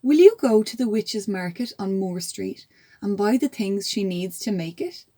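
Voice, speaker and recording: A woman's voice: mid-range voice, animated, normal speed, warm tone. A woman voicing a worried mother who gives her daughter urgent instructions.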